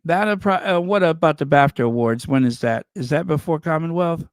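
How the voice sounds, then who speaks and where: A man's voice: a little high, animated, moderate pace, dry recording, clean studio sound. A man doing casual commentary, sarcastic and chatty, tossing out rhetorical questions and wry asides. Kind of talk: casual chat.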